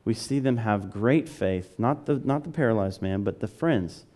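A man from the American South preaching a conversational sermon, building to excited emphasis. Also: lowish voice, normal speed.

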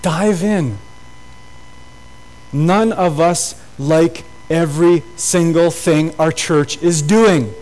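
A man's voice: fairly high pitch, very slow, darkish tone, low-quality recording. A pastor giving a sermon to his congregation in an earnest, urging way, often repeating phrases.

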